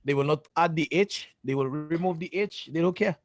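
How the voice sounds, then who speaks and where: A man chatting casually on a podcast, animated and asking rhetorical questions. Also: fairly high pitch, fairly quick, no room sound, studio quality. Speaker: podcast co-host. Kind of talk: casual chat.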